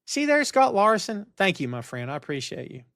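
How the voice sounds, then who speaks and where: A middle-aged man with a high voice and vocal fry talks fairly quickly as he hosts a live wrestling talk show podcast, ranting animatedly and reading chat comments aloud. He's on camera in a home studio using headphones and a studio mic, with clean studio sound and no echo.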